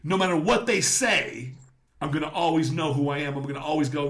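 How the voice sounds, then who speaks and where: A middle-aged male podcast host with a gravelly, somewhat high voice. He tells stories in a loose, profane, animated way, in casual chat. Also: fast.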